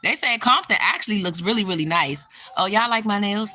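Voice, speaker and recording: A woman's voice: medium pitch, animated, fairly quick. A young woman chatting casually on a livestream, bluntly and with a lot of profanity, answering her viewers' comments. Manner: blunt and profane, bursts into loud exclamations; reacts to live chat comments. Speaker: spiritual vlogger.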